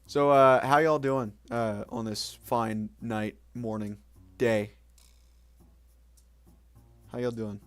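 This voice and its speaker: A man's voice: medium pitch, fairly even intonation, slow pace, pauses often, smooth, dry recording, faint music behind. A young man streaming late at night, chatting casually with viewers in a rambling, self-mocking way, swearing now and then.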